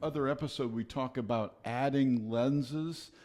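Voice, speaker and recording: An older man, a podcast guest, talking reflectively and haltingly, often repeating words as he starts a sentence. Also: medium pitch, a little mellow. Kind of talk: reflective conversational talk.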